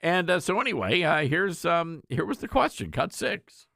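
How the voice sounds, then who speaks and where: Male radio host, rambling and chatty, lively pitch, dry close studio sound. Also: vocal fry, no room sound. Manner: rambling, chatty, halting with many fillers. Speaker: radio talk show host. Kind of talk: casual radio talk.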